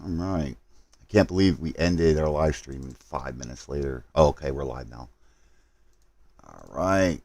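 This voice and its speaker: A man's voice: a bass voice, a little slow, vocal fry, a little mellow, dry recording. A man live streaming a game, talking to his chat while he hurries through setup and apologizes for his mistakes.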